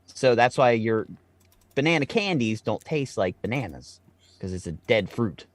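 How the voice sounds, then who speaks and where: A man co-hosting a casual podcast, telling stories with loose swearing and rising excitement. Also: mid-range voice, moderate pace, no echo. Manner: storytelling, swears freely, animated when excited. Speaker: podcast co-host.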